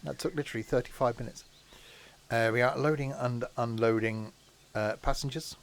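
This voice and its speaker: A man's voice: mid-range voice, fairly even intonation, moderate pace. A man chatting casually while live-streaming a train game, with joking asides.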